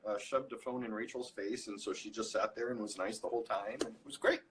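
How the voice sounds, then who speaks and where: A man chatting as a guest on a live video interview, telling funny stories in an animated way. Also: fairly low pitch, quick pace, noisy background. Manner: animated storyteller, self-deprecating jokes. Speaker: interview guest, recipe creator. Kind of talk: casual chat on a live stream. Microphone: phone or computer mic on a video call.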